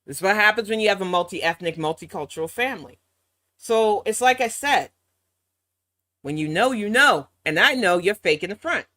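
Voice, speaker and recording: A woman's voice: medium pitch, expressive, normal speed, bright, forceful tone, no echo. An American woman hosting a reaction commentary, blunt and sarcastic, swearing freely. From United States. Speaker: commentary channel host.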